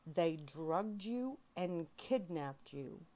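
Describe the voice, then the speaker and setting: A woman's voice: fairly low pitch, expressive, drawn-out words, dark tone. A woman reading as an anxious, insistent father. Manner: pleading then insistent. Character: worried, angry father of a young woman. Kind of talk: soft-spoken ASMR book reading.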